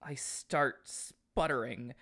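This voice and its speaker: Guy reading a romance novel out loud on a comedy podcast, hammy and mock-serious, bright voice. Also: medium pitch, takes it slowly, vocal fry. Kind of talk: comic dramatic reading and banter.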